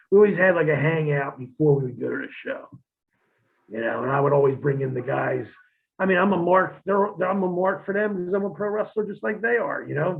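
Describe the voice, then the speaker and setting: A man with a notably high speaking voice tells salty wrestling-road stories and slips into quoting the people in them. His sound comes through thin and boxy, as if over a phone line. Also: gravelly. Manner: profane, vivid storyteller who acts out quotes. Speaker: guest, former pro wrestler. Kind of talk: casual storytelling interview.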